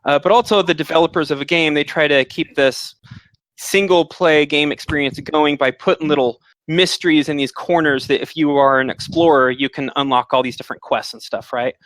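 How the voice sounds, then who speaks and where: Man as dungeon master, slightly high voice, dry close mic, chatty and explanatory. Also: steady tone, fairly quick, fairly bright tone, no room sound, rough recording. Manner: explanatory, with filler words. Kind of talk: narrating a tabletop game.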